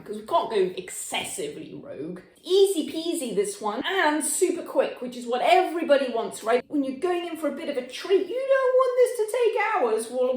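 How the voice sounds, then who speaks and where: A woman's voice: high-pitched, darkish tone. A woman from Devon hosting a cooking vlog from her home kitchen, chatty and playful, rambling off topic as she talks. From Devon, England. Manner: rambling, playful, self-described natterer. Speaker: cooking channel host. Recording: echoey kitchen.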